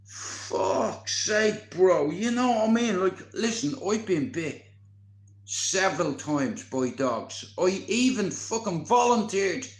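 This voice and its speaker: Swearing man, high and echoey. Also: slow. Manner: swearing constantly, animated and excitable. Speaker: vlogger. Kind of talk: casual storytelling.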